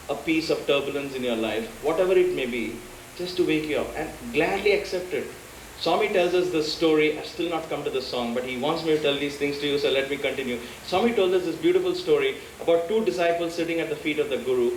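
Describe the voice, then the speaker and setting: Man giving a storytelling spiritual talk. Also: on the high side. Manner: storytelling, conversational, acts out quotes. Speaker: satsang speaker. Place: devotional center hall. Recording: echoey hall with faint hiss.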